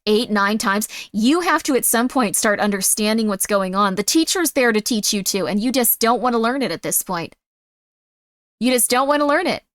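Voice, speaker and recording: A woman's voice: fairly high pitch, fairly bright tone, no room sound, studio quality. A woman putting on a passive-aggressive mother who scolds her child in a falsely sweet tone. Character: nagging guilt-tripping mother, middle-aged woman. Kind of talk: playful role-play.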